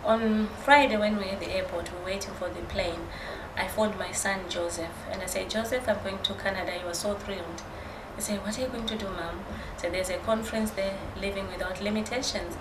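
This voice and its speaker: A woman's voice: mid-range voice, fairly even intonation, a little fast, few pauses. A woman guest earnestly telling her story in casual conversation. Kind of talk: casual chat. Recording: roomy with background noise.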